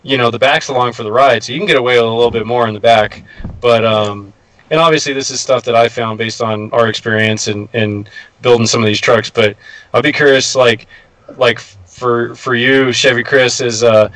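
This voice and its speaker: A man's voice: mid-range voice, steady tone, normal speed, fairly bright tone, no room sound, rough recording. Man, rambling casual guest, lots of "you know", dry close recording. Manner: rambling, many fillers and restarts. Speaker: guest truck builder. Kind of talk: casual chat.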